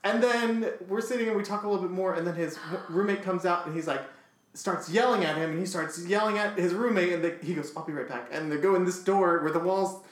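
A man with a high-pitched voice tells a funny story on a podcast at a brisk pace, keeping it casual and animated. He laughs and acts out voices as he goes, and the room sounds echoey.

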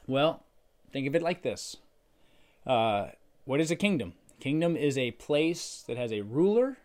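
A middle-aged man preaching a sermon as a pastor, conversational in tone, who builds to loud, emphatic peaks and then drops back low and quiet.

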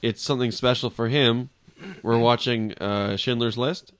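A man's voice: medium pitch, fairly even intonation, normal speed. A man co-hosting a podcast, joking and teasing his guests in casual chat. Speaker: podcast co-host.

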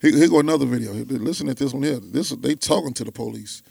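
A man's voice: medium pitch, fast talker, vocal fry, a little mellow, husky, dry recording. A man with a Chicago accent, chatting casually and laughing as he tells stories in slang. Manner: laughing storyteller, slangy, repeats himself. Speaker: podcast host. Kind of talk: casual chat.

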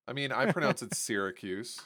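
A man co-hosting a podcast in casual chat, playful and joking, with halting restarts. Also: mid-range voice, very animated, fairly bright tone. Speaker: podcast co-host.

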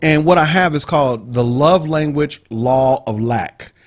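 A man's voice: on the high side, measured pace. A man co-hosting a relationship talk show, explaining ideas in a preachy style that circles back and repeats key points. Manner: preachy, explains with repetition and asides. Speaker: podcast co-host. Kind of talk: casual teaching talk.

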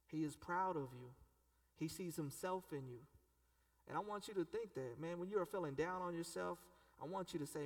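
Male pastor, sermon, chatty rhetorical style; slightly higher voice, distant mic in a big echoing room. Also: normal speed. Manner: conversational preaching with rhetorical questions and casual slang. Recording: echoey hall, voice from a distance.

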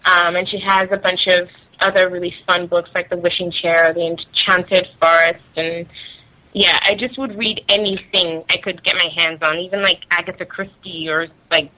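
A woman's voice: on the low side, fairly even intonation, normal speed, bright, forceful tone, rough recording. A young woman from Nigeria, chatting casually as an interview guest, laughing often and using many fillers.

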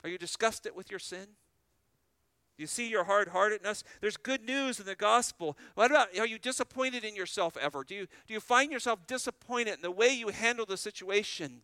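Male preacher, slightly high and very clear tone; earnest sermon delivery, asks the congregation questions. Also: expressive, brisk, pushed and bright, no room sound. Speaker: pastor.

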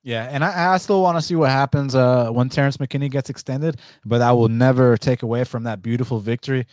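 A man hosting a casual podcast about fight betting, talking in an animated, rambling way with lots of swearing and fillers. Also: medium pitch, a little fast, no echo. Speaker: podcast host.

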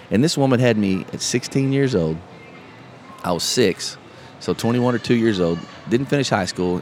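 A middle-aged man, a podcast host telling a story in casual, animated chat. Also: deep voice. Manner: animated storyteller, calls listener bro. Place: live podcast event. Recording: live event, faint noise behind.

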